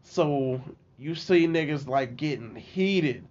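High-voiced young man telling a wild story. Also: slow. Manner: animated, laughing, shifts to very high pitch when quoting himself. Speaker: podcast guest. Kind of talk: casual storytelling. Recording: dull lo-fi podcast audio.

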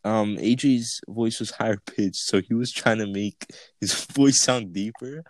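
A man co-hosting a podcast, telling stories in a quick, joking way and laughing often. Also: fairly low pitch, no room sound. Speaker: podcast co-host. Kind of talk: casual chat.

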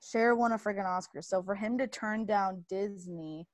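A woman's voice: medium pitch, normal speed, dry recording. A woman co-hosting a casual podcast chat over a video call, dry and opinionated. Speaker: podcast co-host.

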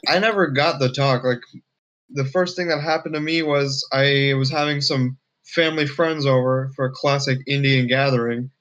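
A man's voice: mid-range voice, steady tone, moderate pace, fairly bright tone, lo-fi sound. Young male co-host, easygoing storyteller, casual podcast.

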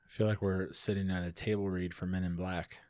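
A man's voice: low-pitched, flat delivery, fairly quick, a little mellow, dry recording, clean studio sound. A man co-hosting a podcast, chiming in with joking, playful remarks. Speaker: podcast co-host.

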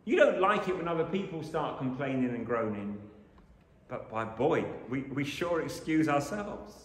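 A man preaching a sermon, dramatic, swinging from loud exclamations to hushed lines. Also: fairly high pitch, expressive, a little slow. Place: church. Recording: echoey church hall.

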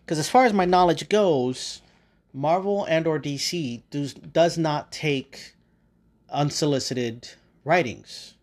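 A man's voice: fairly high pitch, takes it slowly, a little mellow. A man hosting a podcast, talking in a casual rambling monologue with lots of fillers, restarts and swearing. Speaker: podcast host.

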